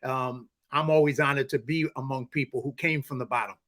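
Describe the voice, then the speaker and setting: A man's voice: mid-range voice, steady tone, a little fast, fairly bright tone. A man hosting a podcast interview, rambling and heartfelt, with lots of restarts and "you know"s. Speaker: podcast host. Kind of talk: casual interview chat.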